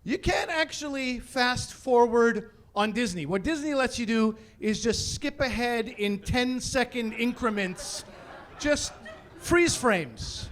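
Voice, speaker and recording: Stand-up comic, man in his forties, high voice, animated storyteller who ramps into fake outrage. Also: takes it slowly. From Canada. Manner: animated storyteller building to mock-indignant rants. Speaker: stand-up comedian. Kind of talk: stand-up comedy routine. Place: comedy stage before a live audience.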